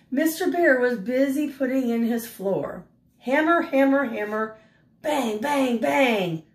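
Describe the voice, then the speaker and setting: Slow gentle grandmotherly storyteller. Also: a little high. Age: older. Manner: gentle, asks the listener questions. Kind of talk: reading a picture book aloud. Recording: roomy echo.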